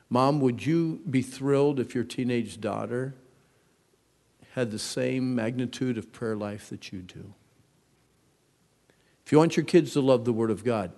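A man in his fifties preaching a sermon as a pastor, swinging from hushed asides to loud emphatic lines. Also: medium pitch, in a large hall. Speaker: pastor and youth counselor.

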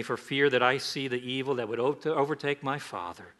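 Lively preacher, bright voice. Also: male voice, brisk. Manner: animated, acts out scripture voices with sudden jumps in pitch and volume. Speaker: pastor. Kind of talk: sermon.

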